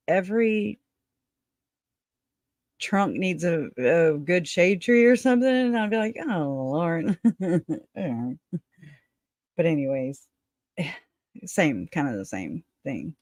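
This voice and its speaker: A woman's voice: on the low side, darkish tone, no room sound, clean studio sound. A woman hosting a casual livestream, rambling, chatting with viewers and laughing often. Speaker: livestream host.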